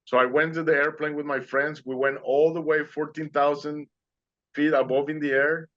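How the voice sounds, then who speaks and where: A man's voice: on the high side, normal speed. Man telling a story earnestly, lo-fi call. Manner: earnest, animated storyteller with non-native English phrasing. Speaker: guest speaker. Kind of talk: storytelling in an interview.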